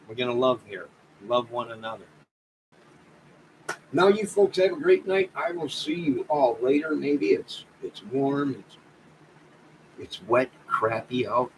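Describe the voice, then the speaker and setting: A man's voice: medium pitch, a little hiss or hum, low-quality recording. A man hosting a casual livestream, rambling and joking as he thanks his chat viewers and signs off. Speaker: livestream host.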